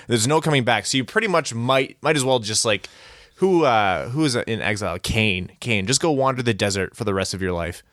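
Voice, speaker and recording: A man co-hosting a casual podcast, telling stories in an animated, comic ranting way. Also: lowish voice, no echo, clean studio sound. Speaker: podcast co-host. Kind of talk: casual sports podcast chat.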